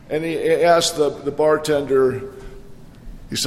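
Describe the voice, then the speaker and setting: A man with a high voice preaches in a church, and the words ring out in a long hall reverb. He tells jokes and acts out the people in them, then moves into lively preaching. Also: measured pace, pauses often. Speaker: pastor. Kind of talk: sermon with jokes.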